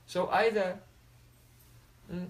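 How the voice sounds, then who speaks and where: A man acting out a serene young sage in a spoken story. He reasons calmly and philosophically, in a fairly high voice close to his own. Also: slow pace, low-quality recording. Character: calm, detached young male sage.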